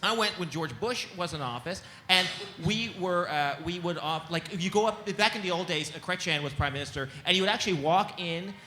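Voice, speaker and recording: Man, comedian panelist, high bright voice, lively storytelling, echoey room. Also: brisk, few pauses, a little hiss or hum. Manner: energetic, laughing, acts out voices. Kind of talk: animated storytelling with impressions. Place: panel on a stage before an audience.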